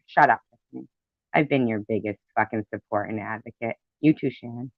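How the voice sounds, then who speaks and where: A man's voice: medium pitch, a little fast, vocal fry, no echo. A man delivering an angry, profane commentary rant, indignant and repetitive, on a dull lo-fi recording. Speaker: commentary vlogger. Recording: dull lo-fi sound.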